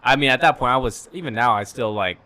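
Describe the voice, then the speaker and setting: A man's voice: medium pitch, fast talker, pushed and bright. A young man, a podcast guest who chats easily and laughs a lot. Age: young adult. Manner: laughs often, easygoing storyteller. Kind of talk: casual chat.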